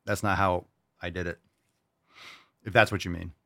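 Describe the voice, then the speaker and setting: A man's voice: low-pitched, level tone, normal speed, gravelly, pushed and bright, dry recording, studio quality. A man hosting a show and answering listener questions, giving a blunt, profane motivational rant. He mocks people in whiny put-on voices.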